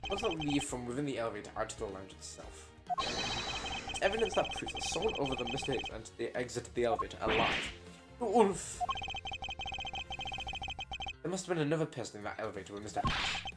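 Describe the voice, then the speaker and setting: A man voicing a composed male prosecutor who speaks in a measured, formal and pointed way, over loud game music. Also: medium pitch, big pitch swings, close to an everyday voice. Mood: triumphant.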